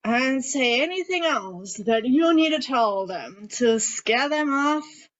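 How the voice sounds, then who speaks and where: A woman coach leads a group tapping session with calm, guiding instructions and keeps asking the group questions. Her voice sits a little high. The audio is dull and lo-fi, as from an online session. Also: slow.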